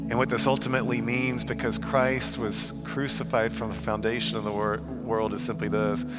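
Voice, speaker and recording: A middle-aged man preaching a sermon, moving between hushed, earnest tones and lively storytelling. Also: mid-range voice, moderate pace, loud music behind the voice. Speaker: pastor.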